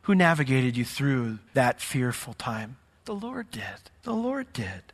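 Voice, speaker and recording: A man preaching a sermon as pastor, in a conversational way with joking asides and sudden jumps in pitch. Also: big pitch swings, a little slow, husky. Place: church sanctuary. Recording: long hall reverb.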